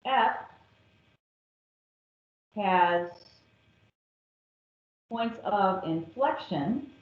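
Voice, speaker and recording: Her mid-range voice has lively intonation as this woman teaches a recorded calculus lesson. She is slow, patient and methodical, moving step by step, and the classroom audio is echoey, dull and lo-fi.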